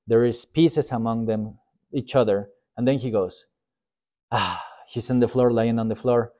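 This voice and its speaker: A man's voice: mid-range voice, unhurried, mellow. A man, a pastor, giving a casual Sunday school sermon in a conversational, self-deprecating way. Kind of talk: informal sermon.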